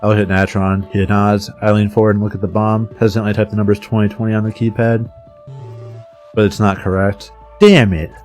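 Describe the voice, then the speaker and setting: A man's voice: lowish voice, flat delivery, brisk, a little mellow, faint music behind. A man streaming, reading a visual novel aloud in a dramatic voice with casual swearing asides.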